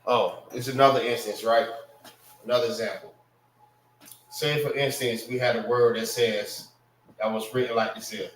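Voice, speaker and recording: A man teaching a language class, slowly spelling out and repeating words for his students. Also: medium pitch, fairly even intonation, slight background noise. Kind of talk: classroom lesson on pronunciation. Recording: echoey room, mic far off.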